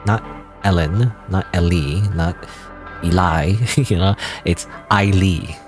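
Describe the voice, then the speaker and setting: A man with a lowish voice gives loose let's-play commentary, wandering through his thoughts with constant "like" and "you know". The game's music plays clearly under his voice throughout. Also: takes it slowly, darkish tone. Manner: rambling, full of "like" and "you know". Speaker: game streamer. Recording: game music playing under voice.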